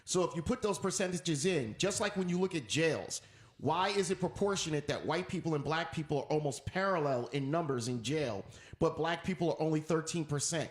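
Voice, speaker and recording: A man's voice: on the high side, a little fast, echoey room. A man hosting a talk radio show, ranting in an emphatic, preachy way and repeating his points. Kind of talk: opinionated talk radio rant.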